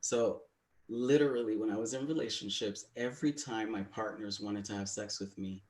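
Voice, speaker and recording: A man's voice: lowish voice, moderate pace, darkish tone. A man co-hosting a webinar, telling a personal story in a frank, confiding way with plenty of fillers. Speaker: webinar co-host.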